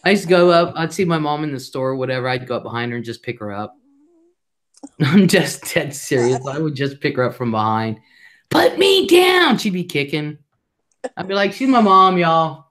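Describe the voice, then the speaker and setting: A woman hosting a casual live chat, telling brash, loud stories with lots of laughing. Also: a bass voice, lively intonation, a little fast. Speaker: livestream host.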